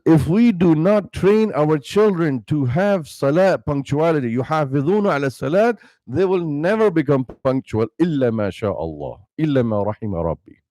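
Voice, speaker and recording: A man's voice: a little high, dark tone, dry recording. A man, an imam, preaching an impassioned sermon into a microphone, full of rhetorical questions. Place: Islamic center prayer hall. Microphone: speaking into a microphone.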